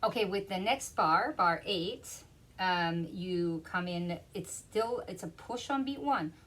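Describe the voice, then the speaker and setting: Over piano playing, a woman piano teacher explains rhythm during a lesson, counting the beats aloud and half-singing them. Her voice is fairly low, animated and slow, and the audio quality is poor.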